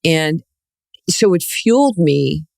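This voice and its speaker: A woman in her sixties from New York, a guest telling lively stories in an interview and acting out the voices in them. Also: deep voice, slow pace, vocal fry, dry recording, studio quality. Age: 60s. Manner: animated storyteller, acts out quoted voices, laughs often. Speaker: guest, former basketball player. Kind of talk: storytelling interview.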